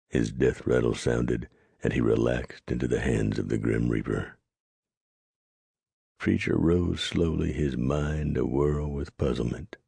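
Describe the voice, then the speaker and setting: A man narrating a western audiobook in a steady, measured storytelling manner. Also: rumbling low, vocal fry, husky, no room sound.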